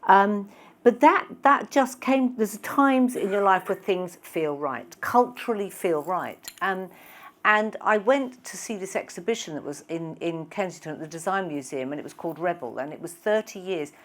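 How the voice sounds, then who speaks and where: A woman's voice: medium pitch, expressive, moderate pace. A woman speaking as a guest on stage in front of an audience, chatting casually with humorous asides and self-deprecating remarks. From England. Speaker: guest speaker, retail expert and author. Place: conference room with live audience. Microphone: handheld or lapel mic.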